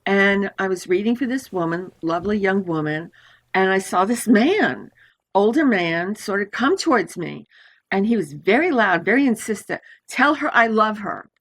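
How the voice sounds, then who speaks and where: Older female astrologer, lively storyteller, laughs often, mid-range voice. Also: mid-range voice, moderate pace. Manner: animated, laughs often, acts out voices in her stories. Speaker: astrologer guest. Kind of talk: storytelling in a podcast interview.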